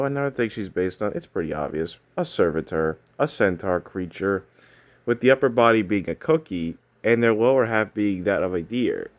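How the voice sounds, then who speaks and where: A man giving casual commentary on game character designs, rambling with frequent restarts and self-corrections. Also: lowish voice. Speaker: video commentator.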